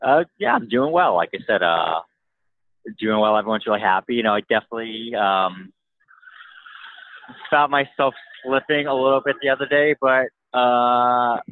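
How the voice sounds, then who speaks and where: A man calling into a coaching group, talking in a relaxed, reflective way. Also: mid-range voice, moderate pace. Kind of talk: casual sharing on a call. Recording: tinny dry phone line.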